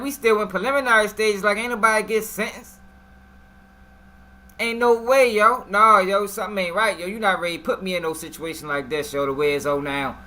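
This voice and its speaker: Casting: male live-stream commentator, higher voice, bright and forceful, slangy and animated, faint noise behind. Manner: slangy, animated, talks straight to the viewers.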